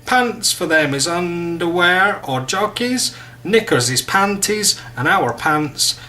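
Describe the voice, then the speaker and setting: Brief: English male teacher, bright, forceful tone, chatty and jokey. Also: sits high, expressive, slow. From England. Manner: chatty, joking asides. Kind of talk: casual vocabulary lesson.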